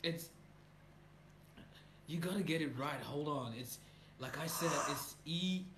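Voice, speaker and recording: A man's voice: on the high side, measured pace. A man coaching someone on name pronunciation in casual banter, teasing and giggling. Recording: echoey room with clear noise.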